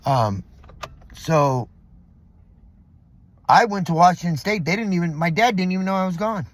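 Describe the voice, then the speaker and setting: A man's voice: high voice, animated, moderate pace, dry recording. A middle-aged man from Southern California, venting in a rambling, profane vlog monologue full of fillers, recorded in a parking lot. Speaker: vlogger.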